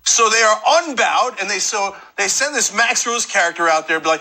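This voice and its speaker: A male political show host giving combative, heated commentary, often shouting. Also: high voice, normal speed, few pauses, poor audio.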